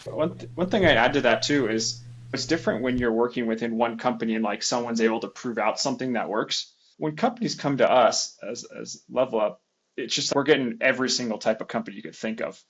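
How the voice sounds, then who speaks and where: A man's voice: mid-range voice, fairly quick, breathy edge. A man host in a casual podcast chat, thinking aloud with restarts and qualifiers, on slightly dull lo-fi audio.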